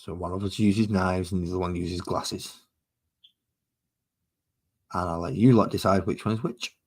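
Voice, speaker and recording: A man with a slightly low voice and a Manchester accent, talking in a loose, rambling way. He chats easily to his stream audience as he works through a painting session. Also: fairly even intonation, normal speed. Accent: Mancunian. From Manchester, England. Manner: rambling and chatty while working. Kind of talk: casual live-stream chat.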